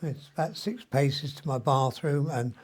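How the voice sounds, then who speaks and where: An older man in his seventies talks through a meandering video diary, full of ums and the odd mild curse. His voice sits at an ordinary middle pitch. He sounds worn out and short of breath, like someone still recovering from illness. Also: lively intonation, unhurried. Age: 70s. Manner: chatty, meandering, mild swearing, frequent ums. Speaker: vlogger. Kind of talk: rambling personal video diary.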